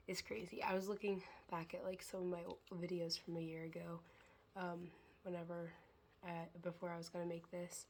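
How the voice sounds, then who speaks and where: A young woman vlogging in a casual, rambling way, her voice hoarse and congested from a cold. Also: on the low side, darkish tone, slight background noise. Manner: rambling, chatty, trailing off into fillers. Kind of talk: casual chat to camera.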